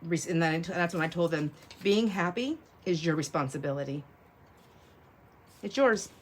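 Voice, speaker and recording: A middle-aged woman hosting a craft livestream, telling stories in a casual, animated way and laughing often. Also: lowish voice, normal speed, slight background noise. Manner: animated, laughs often, acts out quoted voices. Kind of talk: casual storytelling chat while crafting.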